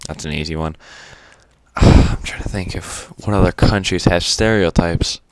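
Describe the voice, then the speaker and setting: A man's voice: sits low, steady tone, measured pace, no room sound. A man giving unscripted gameplay commentary, rambling and stuttery with lots of fillers and casual swearing. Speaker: gaming commentator.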